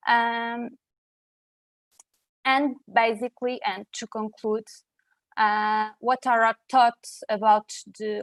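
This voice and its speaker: A woman's voice: a little high, no echo. A woman with a Portuguese accent giving a technical presentation on a video call, hesitant with many fillers and restarts. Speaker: presenter at a webinar.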